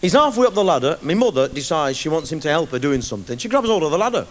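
Lively Manchester comedian spinning yarns. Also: male voice, fairly high pitch, fast. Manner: chatty, rambling, comic. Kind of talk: live stand-up storytelling. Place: live venue before an audience. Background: audience laughter.

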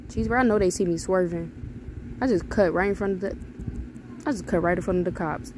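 A young woman gamer gives loud, profane commentary as she plays. She fires back at the game's text messages with sass. A little game noise sits faintly behind her voice. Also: fairly low pitch, a little fast, rough recording. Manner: loud, profane, reacting and reading texts aloud with sass. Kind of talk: casual gameplay commentary.

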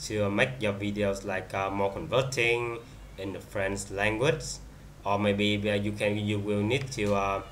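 Bright-voiced man demoing software haltingly. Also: on the low side, slight background noise. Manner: halting, many fillers and restarts. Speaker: software reviewer. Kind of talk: screen-recorded software demo.

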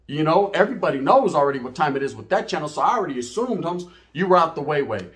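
A man's voice: on the high side, animated, quick pace, a bit bright. A middle-aged man, talking casually and bluntly to camera as a YouTuber, full of street slang and profanity.

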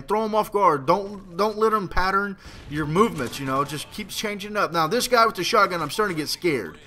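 A young man giving rambling, excitable commentary over his own gameplay, swearing freely and now and then bursting into a shout. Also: fairly high pitch, slight background noise.

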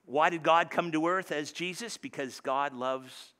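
A male pastor preaching in a church with a high, bright voice. He talks to the congregation in a loose, animated way, stumbling over restarts and then dropping suddenly soft. He sounds close and direct, like a friend giving a talk. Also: measured pace. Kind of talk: sermon. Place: church sanctuary.

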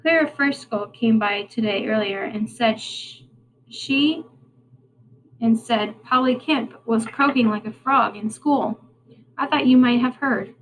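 A woman voicing a concerned mother who asks calm questions, in a storybook reading. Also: fairly high pitch, measured pace, a little hiss or hum, close to an everyday voice, rough recording.

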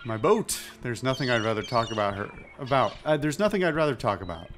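A man's voice: mid-range voice, animated, fast, over music, lightly acted. A man reading a boastful male pirate captain in a hammy pirate accent.

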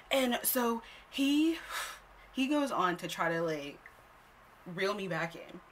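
A young woman telling a story on her own vlog in a casual, animated way, blunt and quick to swear. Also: lowish voice, slight background noise. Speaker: storytime host.

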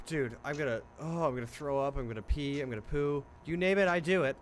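A man's voice: mid-range voice, lively intonation, fairly quick, slight background noise. Jumpy young man screaming through horror game. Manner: jumpy, screams at scares, self-mocking jokes. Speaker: gaming YouTuber. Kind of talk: horror gameplay commentary. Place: home bedroom.

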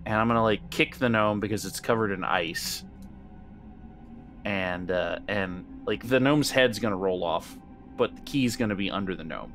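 A man's voice: fairly low pitch, moderate pace, a bit bright, soft background music. A man playing a tabletop horror game, casual and rambling, swearing freely. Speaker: player. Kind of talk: tabletop role-play chat.

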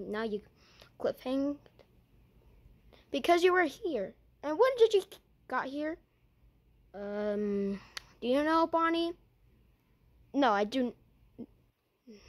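A woman jumps with excitement between the characters of a homemade skit she performs. She speaks slowly in a high, swooping voice, often stammering and starting over.

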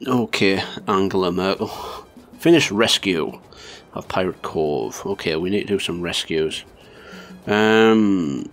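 A man's voice: sits low, animated, takes it slowly, fairly bright tone, soft background music. A man hosting a gameplay channel, chatting casually with laughs and swearing as he plays. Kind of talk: casual game commentary.

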